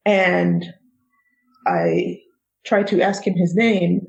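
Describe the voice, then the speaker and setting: Gravelly-voiced woman telling a story. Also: fairly low pitch, drawn-out words, highs cut off. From United States. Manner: animated, laughs often while telling the story. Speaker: guest author. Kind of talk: casual storytelling.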